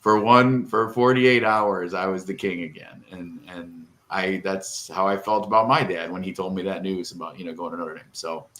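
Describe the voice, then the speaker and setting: A man's voice: deep voice, steady tone, normal speed, hardly any pauses, fairly bright tone. A middle-aged man co-hosting a podcast, telling a long, rambling, emotional story in casual chat and tearing up. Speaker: podcast co-host.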